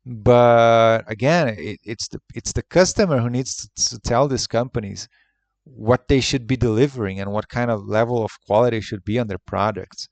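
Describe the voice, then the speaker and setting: A man's voice: medium pitch, normal speed, vocal fry, darkish tone, no room sound. A man ranting in an unscripted monologue, profane and exasperated, rambling with lots of restarts. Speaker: retro gaming YouTuber.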